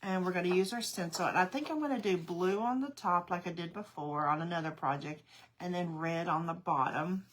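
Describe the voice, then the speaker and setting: A woman's voice: lowish voice, fairly quick. A woman hosting a live craft stream, chatting casually, greeting viewers by name and laughing often. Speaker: craft livestream host. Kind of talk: casual livestream chat.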